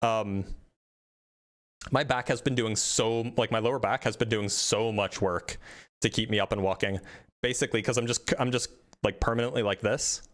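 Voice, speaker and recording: A man hosting a live debate stream, talking casually and quickly, often restarting his sentences in a self-deprecating way. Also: lowish voice, steady tone.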